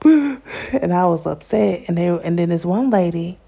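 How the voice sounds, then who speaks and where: A woman's voice: fairly low pitch, steady tone, moderate pace, vocal fry, mellow, husky. A young woman telling a personal story in a candid, chatty way, often laughing as she talks. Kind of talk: casual storytime monologue.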